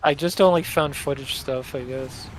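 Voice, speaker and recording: A man's voice: medium pitch, normal speed. A young man streaming a game, chatting casually in a blunt and opinionated way.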